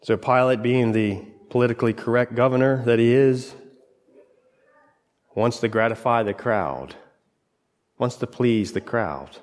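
Preacher in a reverberant church hall. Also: male voice, mid-range voice, a little slow, pauses often. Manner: dramatic storytelling, broken into short phrases. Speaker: pastor. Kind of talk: sermon.

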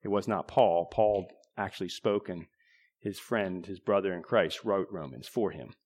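A man preaching a sermon in a conversational way, restarting phrases and clearing his throat now and then. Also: low-pitched, normal speed, darkish tone.

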